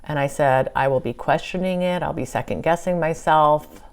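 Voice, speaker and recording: A woman with a notably low voice tells a personal story to her viewers, acting out both sides of a conversation. She talks casually and with animation, shifting between narration and quoted lines. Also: moderate pace, gravelly. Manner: animated retelling with quoted dialogue. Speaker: channeler and vlogger.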